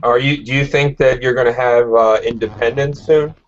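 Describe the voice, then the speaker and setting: A man's voice: medium pitch, fairly even intonation, moderate pace. A man chatting casually in an online hangout, asking curious questions. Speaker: hangout participant. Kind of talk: casual chat. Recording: muffled online call audio.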